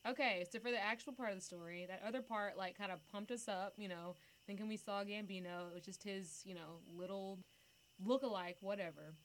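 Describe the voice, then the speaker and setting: A young woman telling a story in a casual chat, animated and quick to shout when she acts it out. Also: medium pitch, a little hiss or hum. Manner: animated, breaks into loud screams when acting out the story.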